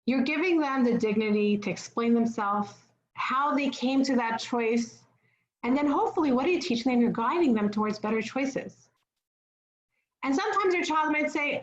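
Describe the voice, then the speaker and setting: Woman speaker, earnest parenting talk, a bit high, echoey dull room. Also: expressive, moderate pace. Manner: earnest and instructive, often asks "right?".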